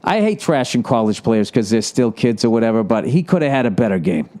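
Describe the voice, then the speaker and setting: A man riffs through a solo podcast rant, cursing constantly with a sarcastic edge. His voice has a warm, dark tone, and he sounds riled up. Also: medium pitch, big pitch swings, brisk. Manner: profane, ranting, sarcastic; riled up about sports. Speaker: podcast host.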